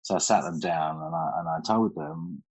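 A man's voice: low-pitched, moderate pace, darkish tone, breathy edge, rough recording. A middle-aged man, chatting casually and telling stories, laughing often and swearing freely. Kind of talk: casual chat.

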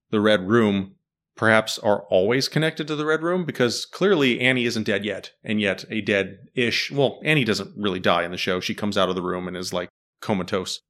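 Man animatedly talking through a TV series. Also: on the low side. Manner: animated, quizzes his co-host. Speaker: podcast host discussing a TV series. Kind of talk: casual chat.

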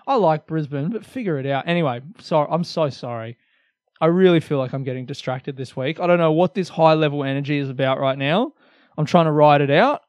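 Energetic Australian man, bit high. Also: a little fast, no room sound. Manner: energetic, swearing, rambling, self-mocking. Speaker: comedian podcast host. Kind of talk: solo podcast monologue.

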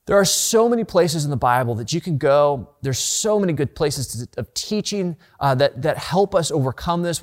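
A man preaching a sermon as a pastor, earnest and conversational, often repeating words as he restarts a thought. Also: fairly high pitch.

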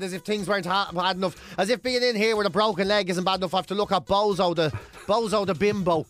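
A man's voice: high voice, quick pace, soft background music. A man co-hosting a morning radio show, telling stories with comic asides in casual banter. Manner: animated storyteller, comic asides.

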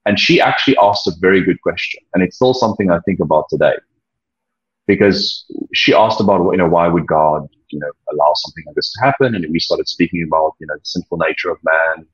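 A man being interviewed, speaking reflectively in a halting way, often repeating words and pausing with ums. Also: low-pitched, breathy edge. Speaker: interview guest, former church leader. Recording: dull lo-fi audio.

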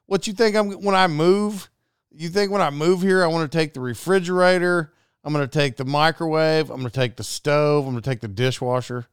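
A man's voice: fairly high pitch, fairly quick, smooth, no echo, clean studio sound. A man hosting a podcast, telling a casual story and acting out the voices of people in it. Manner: animated, acts out quoted dialogue. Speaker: podcast host.

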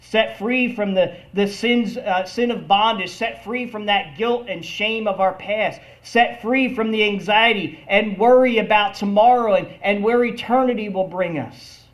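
A male preacher delivering a sermon in a high voice. He speaks slowly and emphatically, leaning on key words. He checks in with the congregation by calling out "Amen?". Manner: slow, emphatic preaching with call-and-response "Amen?".

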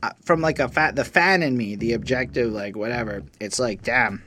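A man's voice: medium pitch, a little fast. A man co-hosting an album review, casual and blunt, swearing freely. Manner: blunt, profane, animated.

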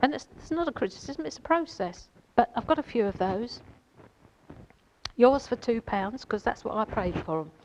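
A woman's voice: a little high, animated, moderate pace, darkish tone, a little hiss or hum, low-quality recording. A woman giving an informal Bible teaching, chatty and rambling, with many fillers and asides. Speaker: lay preacher.

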